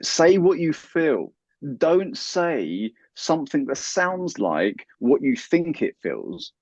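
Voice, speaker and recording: A man's voice: fairly high pitch, very animated, takes it slowly, darkish tone, no echo. A man talking as a guest in an interview, earnest and giving advice. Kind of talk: conversational interview. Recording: dull, lo-fi, dry sound.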